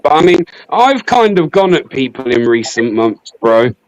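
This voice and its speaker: A man's voice: a little high, very animated, normal speed, dry recording, rough recording. Earnest man speaking on a dry mic. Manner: earnest, reflective, admits fault. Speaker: livestream panel guest. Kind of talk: casual livestream chat.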